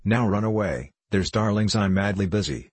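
A man's voice: lowish voice, lively intonation, slightly rough, dry recording. A man reading a storybook aloud, voicing a cheerful, busy mother who calls her children pet names. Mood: fond. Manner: fond, brisk and busy. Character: gentle cheerful hard-up mother.

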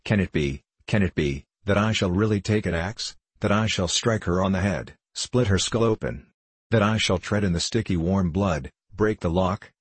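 A man's voice: low voice, slightly rough, dry recording. A man reading aloud, voicing a young man shaken and anguished after a nightmare.

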